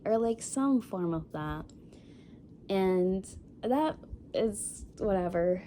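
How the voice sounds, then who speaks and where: A woman's voice: lowish voice, slow, warm tone, slight background noise. A young woman in her twenties telling a dating story in a casual vlog, rambling with lots of fillers and sniffling after crying. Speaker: vlogger.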